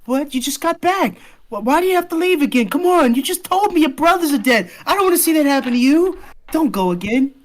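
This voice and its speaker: A man's voice: very high-pitched, expressive, brisk, voice pushed up. A man voicing a clingy, emotional young woman in a tabletop game, pleading with an old friend. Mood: upset.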